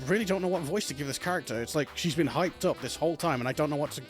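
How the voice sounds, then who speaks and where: A man's voice: a little high, rapid-fire, faint music behind. A man streaming a game, chatting in a giggly, rambling, self-mocking way. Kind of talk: let's play commentary.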